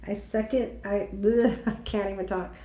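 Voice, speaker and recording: A woman's voice: mid-range voice, steady tone, normal speed, warm tone. A woman giving a chatty, emotional tarot reading, talking her thoughts aloud as she pulls cards. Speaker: tarot reader. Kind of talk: intuitive tarot reading for viewers. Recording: echoey room with faint noise.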